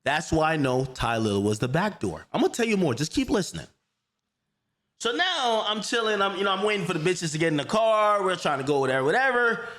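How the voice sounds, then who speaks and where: A man hosting a livestream, telling a heated story in an animated, profane, repetitive way. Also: high voice, a little fast. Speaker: livestream host.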